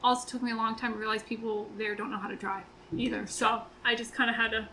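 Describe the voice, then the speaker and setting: A woman co-hosting a podcast in casual chat, animated and quick to laugh. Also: on the high side, a little hiss or hum, rough recording. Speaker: podcast co-host.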